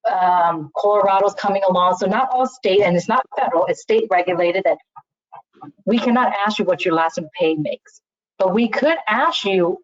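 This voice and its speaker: Speaking over a video call at a moderate pace in a mid-range voice, a woman recruiter gives a casual webinar talk on interview skills. She often restarts her sentences and says "you know," and the dry, slightly muffled call audio carries no echo.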